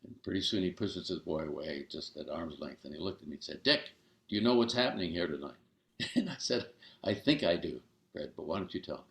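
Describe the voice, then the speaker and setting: An older man telling a story as an interview guest, acting out the dialogue in an animated way. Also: brisk, reverberant. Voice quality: gravelly low voice.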